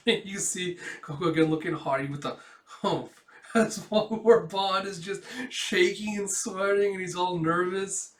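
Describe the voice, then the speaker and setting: A man's voice: sits high, fairly even intonation, a little slow, fairly bright tone. A man hosting a casual manga reading, chatty and laughing, with lots of fillers. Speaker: host. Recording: roomy sound from a distant mic.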